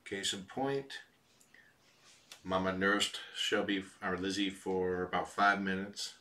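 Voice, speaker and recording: A man with a low, bright-edged voice chats casually with viewers at home. He sounds relaxed, with dry little asides. The mic sits a little away from him. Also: takes it slowly, distant mic. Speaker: live stream host. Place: home room with cats.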